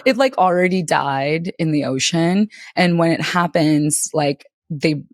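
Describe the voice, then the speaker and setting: A young woman co-hosting a podcast, telling stories in a casual, giggly, animated way. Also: sits low, takes it slowly, dry recording, clean studio sound. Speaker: podcast co-host. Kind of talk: casual chat.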